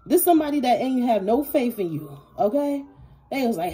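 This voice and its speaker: A woman's voice: a little high, animated, fairly quick, dark tone, husky. A woman giving a casual tarot reading straight to her viewers, blunt and sassy, cursing freely and repeating herself for emphasis. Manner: repetitive, talks straight to viewers. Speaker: tarot reader.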